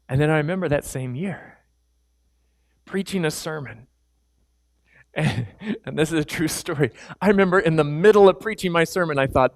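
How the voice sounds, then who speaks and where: A middle-aged man preaching in a church, his voice sitting a little high for a man. He tells stories about himself with candid, self-deprecating humor. The sound is dry and close, with no room echo. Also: lively intonation. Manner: candid, self-deprecating storytelling with quick laughs. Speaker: pastor. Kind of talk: sermon with personal storytelling. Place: church sanctuary.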